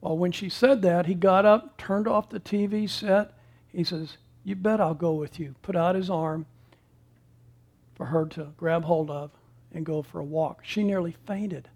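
A male preacher telling a story in a sermon, with measured delivery and dramatic pauses. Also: sits high, a little mellow.

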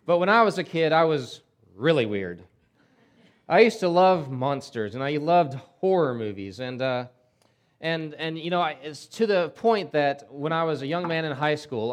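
Guy preaching a sermon, chatty storyteller, bit high voice, stumbles and restarts. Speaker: pastor.

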